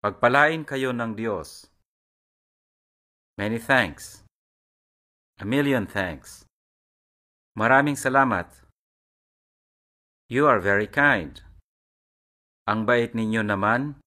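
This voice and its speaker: A man narrating a recorded language lesson in a deliberate, measured way, pausing after each phrase. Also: mid-range voice, sharp tone.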